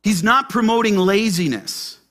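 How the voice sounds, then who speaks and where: A male pastor delivers a sermon in church, his voice bright and somewhat high for a man. He talks with lively energy, firing questions at the congregation and then dropping down for quieter, gentler points. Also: a little slow. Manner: animated, asks the congregation questions.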